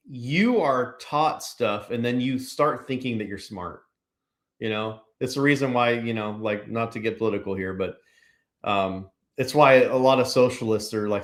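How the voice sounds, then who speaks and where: A man from Pennsylvania with a mid-range voice, chatting as a podcast guest. He rambles loosely, filling his sentences with "like" and "you know", in an easygoing conversational way. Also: medium pitch. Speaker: podcast guest, business owner. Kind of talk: casual conversational interview.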